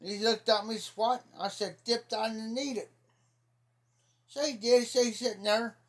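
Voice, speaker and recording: A man's voice: sits high, fairly even intonation, normal speed. A middle-aged man from Ohio telling rambling folksy stories on a casual livestream, repeating "I said" as he goes. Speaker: livestream host. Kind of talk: casual storytelling chat.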